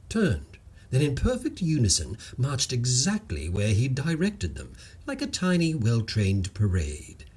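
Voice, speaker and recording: A man's voice: lowish voice, breathy edge. A man reading a comic story aloud in a wry, playful storytelling manner. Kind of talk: comic scripted narration.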